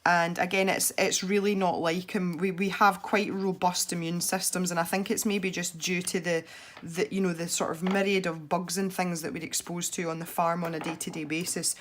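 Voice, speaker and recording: A young woman with a congested, stuffy voice, chatting softly as she narrates her colouring. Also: fairly low pitch, flat delivery, moderate pace, a little hiss or hum. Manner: soft-spoken, chatty and self-deprecating. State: congested from a head cold. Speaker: colouring video host. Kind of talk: relaxed colouring commentary.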